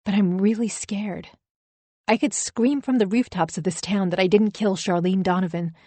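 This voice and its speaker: A woman's voice: medium pitch, moderate pace, mellow, no room sound. A woman narrating a first-person audiobook thriller in a wry, anxious storytelling manner.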